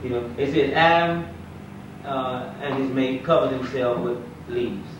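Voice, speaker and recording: A man's voice: mid-range voice, measured pace, noisy background. A man, an imam, teaching an Arabic class in a conversational lecture, quizzing his students with questions in a mosque classroom. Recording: echoey room, distant mic, dull lo-fi 1990s tape.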